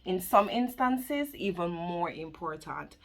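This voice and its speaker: A woman's voice: on the low side, animated, slow pace. Woman, earnest faith-based pep talk, preachy, laughs often, talks to camera. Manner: looks straight into the camera. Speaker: channel host.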